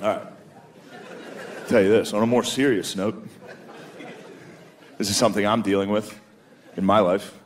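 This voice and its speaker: A man's voice: lowish voice, fairly even intonation, normal speed, pauses often. Man doing a loose, profane stand-up set. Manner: loose, profane, self-mocking storytelling. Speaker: stand-up comedian. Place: comedy club stage. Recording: live club set with crowd noise. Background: audience laughter.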